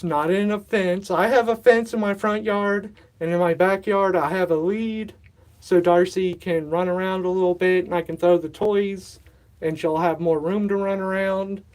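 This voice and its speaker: A man in his thirties from the United States, chatting casually on a livestream in a rambling, self-deprecating way, slightly out of breath in a stuffy, humid room. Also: high-pitched. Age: 30s. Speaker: livestream host. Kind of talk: casual live-stream chat. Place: stuffy warm humid indoor grow room.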